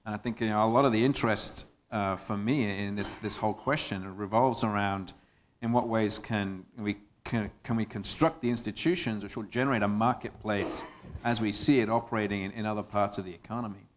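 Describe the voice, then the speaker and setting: A man speaking as a panelist, halting and filling pauses with fillers. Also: fairly low pitch, fairly even intonation, slight background noise. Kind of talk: panel discussion.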